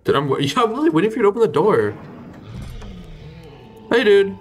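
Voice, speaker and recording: A young male streamer gives live gameplay commentary, excitable and swearing as he thinks out loud. His voice is high and a little fast.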